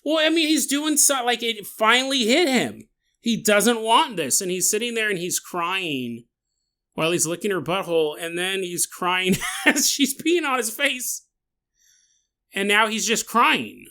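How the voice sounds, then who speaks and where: With a bright, forceful, medium-pitched voice and lively intonation, this podcast host takes an unhurried pace through a casual story. Frequent laughter, mock outrage, and silly character voices serve as comic asides.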